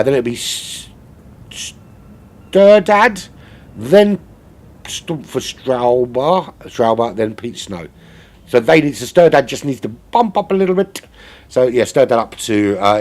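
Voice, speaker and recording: A man's voice: medium pitch, a little mellow. A man giving live sim racing commentary in a rambling, jokey way, swearing casually. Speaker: race commentator.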